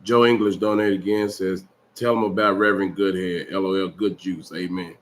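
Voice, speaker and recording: A man's voice: low-pitched, level tone, normal speed, a little hiss or hum. A man reading viewer donations and their messages aloud, briefly and matter-of-factly.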